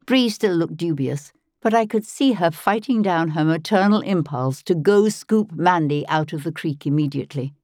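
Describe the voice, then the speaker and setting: A woman narrating a first-person audiobook in a calm, measured storytelling manner, close to the mic. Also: lowish voice, dry recording.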